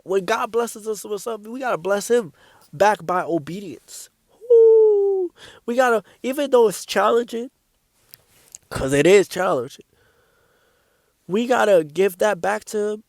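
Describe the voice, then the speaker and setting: A man talks straight to the camera in an animated, incredulous rant about faith. His voice sits high and has a gravelly edge. The sound is dry and close, with no room around it. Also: no room sound. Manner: animated, repeats "bro" often, laughs, incredulous. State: coughing from sickness. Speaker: Christian vlogger. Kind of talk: casual preaching rant to camera.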